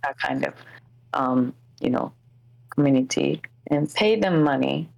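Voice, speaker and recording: Woman from Japan, casual stream chat, halting delivery, low and gravelly. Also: darkish tone, low-quality recording. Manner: halting, many fillers and restarts.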